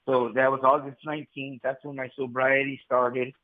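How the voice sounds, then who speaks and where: A man's voice: medium pitch, little pitch movement, moderate pace. A man in his forties from Southern California, a guest telling his story intensely and repeating himself, on a remote call line. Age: 40s. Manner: intense, repetitive, calls the host bro. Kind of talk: casual storytelling conversation. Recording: tinny phone-like call line.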